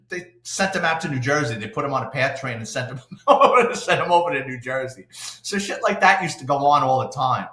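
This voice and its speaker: Salty New ex-cop spinning stories. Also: male voice, a little high, a little fast. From New York City. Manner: salty, animated anecdote-telling with acted-out quotes. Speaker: retired police detective, guest. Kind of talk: storytelling interview. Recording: roomy echo.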